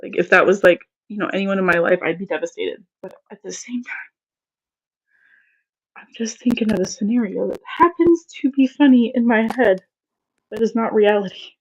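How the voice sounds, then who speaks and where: A woman's voice: medium pitch, brisk. Woman, 30s, casual live-stream co-host, chatty storyteller, lo-fi audio. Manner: chatty storyteller, laughs easily. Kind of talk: casual chat.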